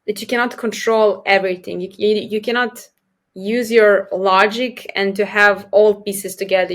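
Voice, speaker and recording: A woman speaking as a podcast guest in a casual conversation, hesitant and searching for her words. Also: mid-range voice.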